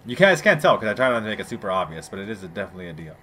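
Guy playing a video game and talking the whole time, lowish voice, swears a lot, chatty asides, faint hiss behind. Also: big pitch swings, rapid-fire, pushed and bright. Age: adult parent. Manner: rambling, profane, chatty asides to viewers. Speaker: let's play gamer. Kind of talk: casual gameplay commentary.

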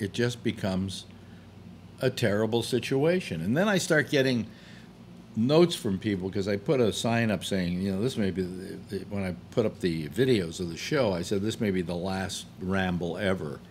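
A man with a fairly low voice talks straight into his desk mic at home, rambling through his thoughts with frequent fillers and false starts. A light background hum sits under his voice. He swears now and then when frustrated. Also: expressive, moderate pace, a little mellow. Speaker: host. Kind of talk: casual monologue.

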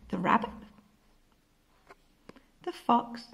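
Slow sing-song British woman teacher. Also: on the high side, sing-song. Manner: slow, sing-song, drops to soft whispers. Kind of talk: early-years remote lesson.

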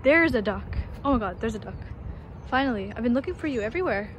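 A young woman chatting excitedly as she vlogs a walk along a lakeside park trail, speaking into a handheld phone. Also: on the high side, fast talker. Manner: excitable, chatty, exclaims often. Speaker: vlogger. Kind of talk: casual vlog narration. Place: outdoor park trail by a lake. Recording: loud outdoor noise behind.

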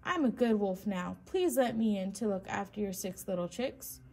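A woman's voice: mid-range voice, lively intonation, normal speed. A polite lonely wolf, as a woman reads him. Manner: polite, gentle. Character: lonely big male wolf trying to be good.

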